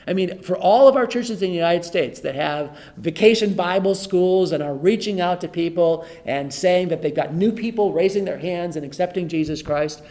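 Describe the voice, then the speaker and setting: A man's voice: sits high, normal speed, few pauses, a little mellow. A middle-aged man leading an informal Bible study, reading scripture aloud and explaining it in a conversational way, often repeating his phrases. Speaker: pastor teaching a Bible study.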